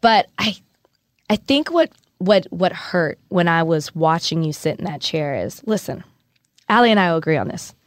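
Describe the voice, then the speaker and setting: A woman's voice: lowish voice, sing-song, moderate pace, dry recording, studio quality. A woman co-hosting a podcast, outspoken and blunt in casual chat. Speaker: podcast co-host.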